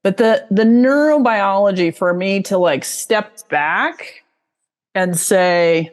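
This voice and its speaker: A woman's voice: mid-range voice, lively intonation, takes it slowly, in a large hall. Chatty woman lecturing over a video call. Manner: chatty, lots of fillers, acts out inner voices. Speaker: guest expert presenter. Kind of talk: casual online lecture. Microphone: video call mic.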